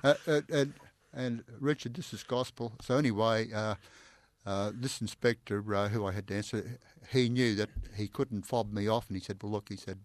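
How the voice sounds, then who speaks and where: An older Australian man recounts his police days in an animated, anecdotal style, stacking "I said" on top of each other and laughing as he goes. His voice sits fairly low, and the sound is dry and close. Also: moderate pace, no echo. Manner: animated, repeats "I said" often, laughs while telling. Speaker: interview guest, former police inspector. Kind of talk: anecdotal storytelling in conversation.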